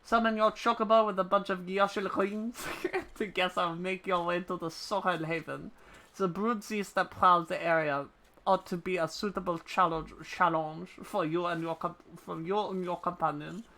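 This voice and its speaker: A man's voice: sits high, fairly even intonation, normal speed, bright, forceful tone, poor audio. Man doing a stately trainer with a French accent. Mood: formal. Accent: put-on French. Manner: stilted formal speech, stumbling over words. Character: formal, stately noble chocobo trainer. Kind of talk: reading game dialogue aloud on a live stream.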